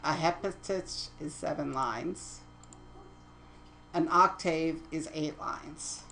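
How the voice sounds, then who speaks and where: Low, gravelly-voiced woman teaching poetry terms. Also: slow, sharp tone, a little hiss or hum, low-quality recording. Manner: methodical, reads definitions aloud, self-corrects slips. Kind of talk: slide lecture on poetry terms.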